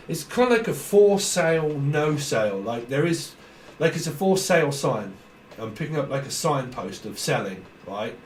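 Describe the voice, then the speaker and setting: A man with a British accent giving a casual, rambling tarot reading, thinking aloud and laughing often. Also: fairly high pitch. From Britain. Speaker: tarot reader. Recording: roomy echo, slightly distant mic, faint noise.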